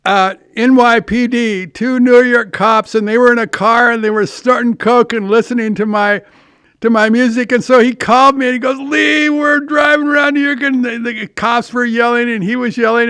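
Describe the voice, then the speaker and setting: An older podcast host rambles through casual stories, starting over repeatedly and throwing in some profanity. He has a high, smooth, clear voice that's a bit bright. The sound is dry and close-miked, with no room sound.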